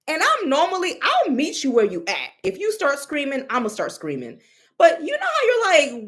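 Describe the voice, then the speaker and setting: A young woman telling a story in a casual, expressive way, exclaiming and mimicking others, with many restarts. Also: high voice, moderate pace. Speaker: storyteller recounting a reading.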